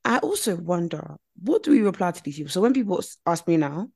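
A woman co-hosting a podcast in casual chat, expressive and fond of mimicking others. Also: on the low side, fast talker, gravelly, husky. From Nigeria. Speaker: podcast co-host.

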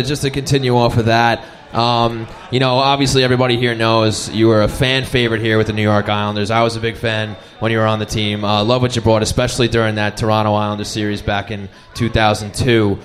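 A man's voice: fairly low pitch, a bit bright. A man hosting a live interview at a bar event, upbeat and a little hesitant with fillers. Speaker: event host.

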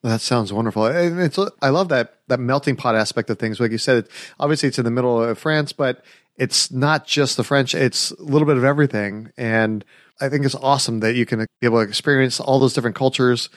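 A man's voice: medium pitch, a little fast, dry recording, clean studio sound. An American man hosting a casual interview, asking questions in a friendly, chatty way with fillers. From United States. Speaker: podcast host.

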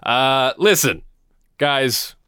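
A man's voice: medium pitch, drawn-out words, sharp tone, smooth, no room sound, studio quality. A man co-hosting a casual podcast chat, playful and joking in his asides. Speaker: podcast co-host.

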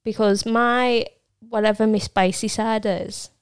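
A woman co-hosting a podcast in casual chat, confident and teasing, with quick interjections. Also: mid-range voice, fairly even intonation, clear, resonant tone. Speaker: podcast co-host and comedian.

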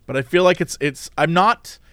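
A man co-hosting a casual podcast chat, animated and playful, mimicking others in quoted voices. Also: a little high, moderate pace, no room sound, clean studio sound. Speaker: podcast co-host.

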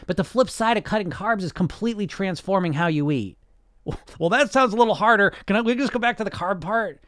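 A man's voice: high voice, expressive, fairly quick, a bit bright, dry recording, clean studio sound. A man hosting a casual podcast monologue as a weight loss coach, blunt and sarcastic, and he swears freely.

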